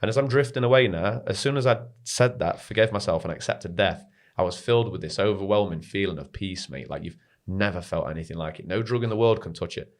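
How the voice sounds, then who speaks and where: Fast-talking, low-voiced young man. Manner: animated, rapid storytelling with frequent "mate" and swearing. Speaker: podcast guest. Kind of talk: casual storytelling.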